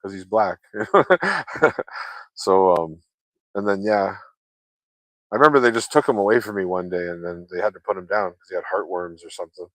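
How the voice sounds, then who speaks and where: Low-voiced man in loose casual chat. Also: normal speed, dry recording. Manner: loose, chatty, swears freely, laughs often. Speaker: vlogger chatting with viewers.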